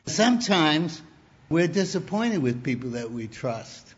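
A man preaching a sermon, deliberate, mixing scripture with humorous stories. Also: a little high, big pitch swings, dull audio.

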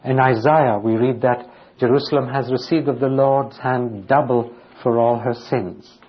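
A man's voice: mid-range voice, steady tone, measured pace, husky. A man reading Bible verses aloud and explaining them in plain, conversational terms. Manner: reads scripture aloud, then explains it plainly. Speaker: Bible teacher. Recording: dull lo-fi recording.

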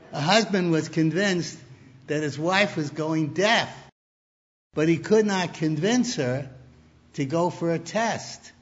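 A man preaching a sermon, deliberate, mixing scripture with humorous stories. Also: on the high side, lo-fi sound.

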